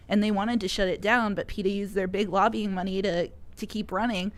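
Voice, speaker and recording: A woman's voice: medium pitch, fairly even intonation, brisk. A woman speaking as a guest on a podcast panel, earnest and heated, with filler words. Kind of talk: casual panel talk.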